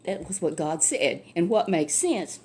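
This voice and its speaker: A woman's voice: fairly low pitch, expressive, a little slow, warm tone, slightly rough. An older woman, a grandmother telling a Bible story to a child in a folksy, chatty way full of asides.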